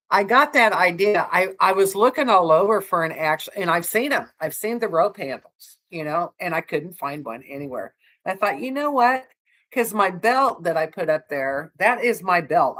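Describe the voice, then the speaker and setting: A woman's voice: lowish voice, a bit bright. A woman co-hosting a casual livestream, chatting with viewers in a rambling way and laughing often. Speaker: livestream co-host.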